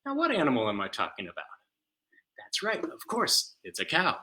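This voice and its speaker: A man's voice: on the high side, wildly swooping pitch, normal speed. A man teaching a live music class for small children from home, singing songs and making animal sounds with a ukulele. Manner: gentle, sings songs and makes animal sounds for young children.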